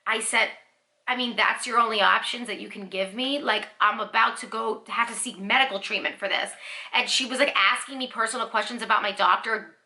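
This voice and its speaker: A young woman with a high voice vents in a chatty storytime vlog. She talks with animated indignation and keeps reaching for fillers like "like" and "you know". Her tone is bright and a little sharp. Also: brisk. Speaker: beauty vlogger. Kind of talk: casual storytime rant.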